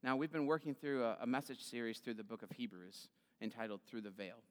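A man's voice: mid-range voice, steady tone, brisk. A man preaching an Easter sermon as pastor, retelling scripture in a casual, conversational way with fillers. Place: church sanctuary. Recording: long hall reverb.

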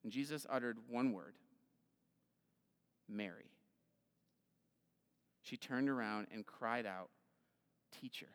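A man's voice: mid-range voice, moderate pace, few pauses, smooth. A man preaching an Easter sermon as pastor, retelling scripture in a casual, conversational way with fillers. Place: church sanctuary. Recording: long hall reverb.

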